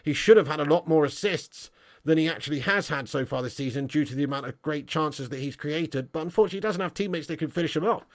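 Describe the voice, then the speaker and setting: Male livestream host, joking and laughing, casual chat, slightly high voice. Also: fast. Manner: jokey, laughing, chatty, British slang. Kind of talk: casual livestream chat reading super chats.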